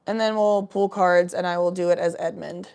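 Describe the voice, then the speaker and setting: A woman's voice: lowish voice, steady tone, normal speed, gravelly, a little mellow, smooth. A young woman hosting a livestream, chatting with viewers in a rambling, laid-back way and swearing freely. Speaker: livestream host. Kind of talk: casual chat.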